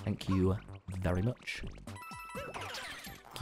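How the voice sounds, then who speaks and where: A man streaming a video game, excitable and mock-outraged in turns, cursing freely and bantering dryly with his chat. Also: medium pitch, unhurried, soft background music. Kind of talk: casual gaming livestream.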